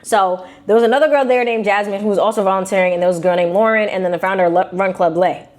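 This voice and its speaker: Young brooklyn woman, new york accent, talks real fast and animated, spilling a story to camera. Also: mid-range voice. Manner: animated, slangy, acts out quotes in shifting voices. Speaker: vlogger.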